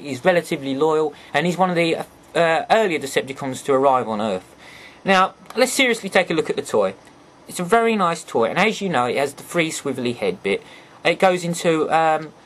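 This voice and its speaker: A man's voice: sits high, fairly bright tone. A man reviewing a toy in a casual, rambling way, breaking off for joking, apologetic asides.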